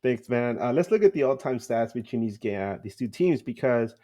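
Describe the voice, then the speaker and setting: A man's voice: mid-range voice, expressive, a little fast, warm tone. A man hosting a casual soccer podcast, chatty, with frequent fillers and easy laughs. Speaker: podcast host. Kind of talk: casual sports podcast talk.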